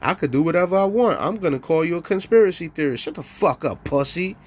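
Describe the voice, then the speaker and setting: A man's voice: a little high, animated, fast talker, darkish tone. A man mocking a smug, bullying official. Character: smug male establishment official, dismissive and bullying.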